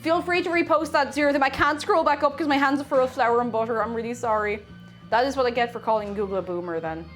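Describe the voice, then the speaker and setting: A woman streaming from her home kitchen, talking casually to her chat as she bakes. Her voice sits fairly high, and soft music plays faintly under her. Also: quick pace. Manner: chatty, reading out viewer messages. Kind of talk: casual chat while baking.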